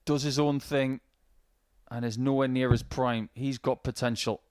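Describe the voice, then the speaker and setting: A man's voice: medium pitch, fairly even intonation, a little slow, darkish tone, a little hiss or hum. A man commentating on a darts match, breaking down the players' throwing technique in detail. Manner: analytical, explains throwing technique at length. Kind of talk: live sports commentary.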